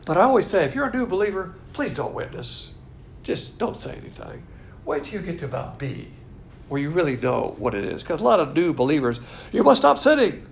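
A man's voice: fairly high pitch, lively intonation, a little fast, gravelly, slight background noise. A man preaching a casual sermon, joking and mimicking imagined people in quoted voices.

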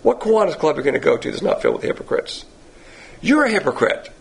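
A Southern-accented male pastor teaching a Bible class, with a gravelly, husky, hoarse edge to his voice. He talks in a blunt, folksy, self-deprecating way, and his pitch swings up and down a lot. His voice sits a little higher than most men's. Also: very animated, quick pace. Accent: Southern American. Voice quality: hoarse at times. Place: church classroom.

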